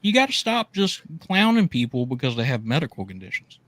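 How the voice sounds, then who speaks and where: A man's voice: mid-range voice, fairly quick. A man from Georgia co-hosting a podcast, joking and swearing freely in casual chat. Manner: profane, joking, animated. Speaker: podcast co-host.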